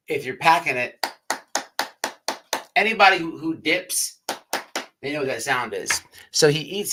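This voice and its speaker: A man's voice: on the high side, pushed and bright, slight background noise, low-quality recording. A man telling a rambling, profanity-laced story to his livestream audience as the show's host. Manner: rambling, repeats himself, swears often. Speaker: podcast host.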